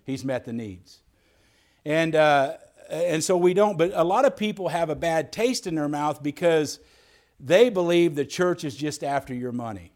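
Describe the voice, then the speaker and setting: A man's voice: a little high, lively intonation, measured pace, darkish tone. A man preaching as a pastor, earnest, often repeating words and restarting as he goes. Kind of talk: sermon.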